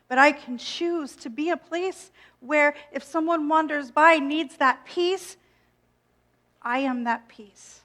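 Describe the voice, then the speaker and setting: A woman minister preaching a gentle, reflective sermon with playful self-mocking asides. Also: sits high.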